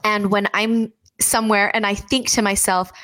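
A woman hosting an interview podcast, chatting effusively and acting out remembered quotes in lively voices. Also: medium pitch, moderate pace. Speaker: podcast host. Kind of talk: conversational interview.

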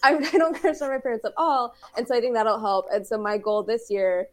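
A woman's voice: fairly high pitch, steady tone, fast. A woman co-hosting a podcast, chatting casually and explaining things at length, laughing easily. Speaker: podcast co-host. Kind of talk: casual chat.

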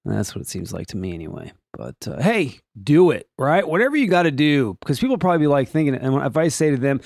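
A man's voice: fast talker, vocal fry, hardly any pauses, no room sound, clean studio sound. A man hosting a daily solo podcast, chatting casually in a rambling, jokey way. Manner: rambling, jokey, animated, swooping pitch. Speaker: podcast host.

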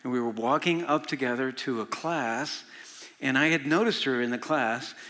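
A man's voice: medium pitch, normal speed, fairly bright tone. A man in his sixties, a senior pastor, preaching a sermon in a folksy storytelling way with frequent filler sounds. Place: large church hall. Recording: long reverb of a large hall.

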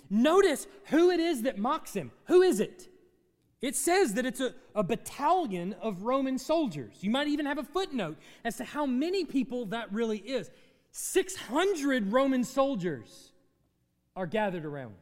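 A man's voice: very high voice, a little mellow, long reverb tail. A man preaching a sermon as pastor, teaching through a Bible passage and asking his congregation questions.

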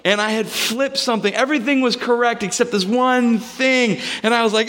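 A man's voice: high-pitched, normal speed, a bit bright. A man, a pastor, preaching a sermon in a casual, conversational way, mixing scripture with personal stories.

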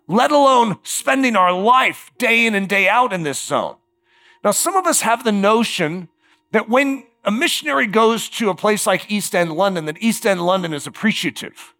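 A man preaching a sermon, emphatic and conversational, slowing down for dramatic words and dropping quiet at times. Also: sits high, gravelly. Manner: animated, emphatic, with dramatic slowdowns and quiet drops; conversational fillers like "like" and "uh".

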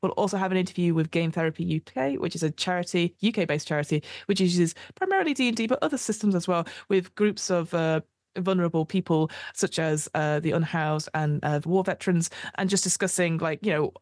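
A woman's voice: on the low side, a little fast, darkish tone, no room sound, clean studio sound. A woman co-hosting a tabletop roleplaying podcast, chatting casually in a bubbly way with many fillers. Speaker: podcast co-host.

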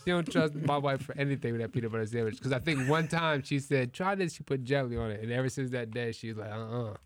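Animated man telling family stories. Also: medium pitch, fast talker, no room sound. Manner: animated storyteller, acts out family members in raised voices. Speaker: podcast co-host telling stories. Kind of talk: casual chat.

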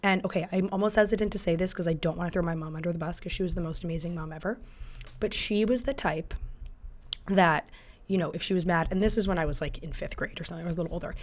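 A woman's voice: lowish voice, fast talker. A woman in her thirties talking casually about parenting as a podcast host, full of fillers and restarts. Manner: conversational, many fillers and restarts, acts out quotes. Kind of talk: casual advice monologue.

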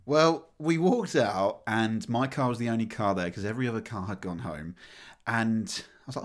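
A man on a podcast telling a story with lots of energy, laughing and swearing as he gets excited. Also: mid-range voice, brisk. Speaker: podcast co-host. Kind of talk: casual storytelling chat.

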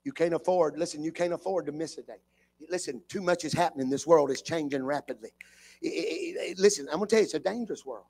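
A man preaching a fervent revival sermon in a church, building from steady talk up to shouting. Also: fairly high pitch, fast talker. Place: church with live congregation.

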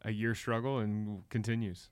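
A man co-hosting a podcast in relaxed, conversational chat. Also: lowish voice, normal speed, clear, resonant tone, no echo. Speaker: podcast co-host. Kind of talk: casual chat.

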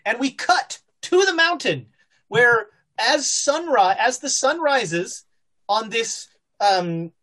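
A woman narrating a horror tabletop game as game master, halting with fillers and restarts. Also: fairly high pitch, fairly bright tone.

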